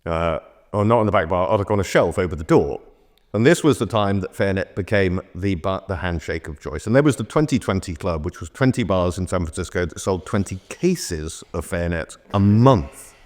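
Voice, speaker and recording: A middle-aged man with a very deep voice is chatting casually as a guest. He tells long, rambling anecdotes from behind the bar. His delivery is unhurried and conversational. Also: lively intonation, darkish tone. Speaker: bartender guest.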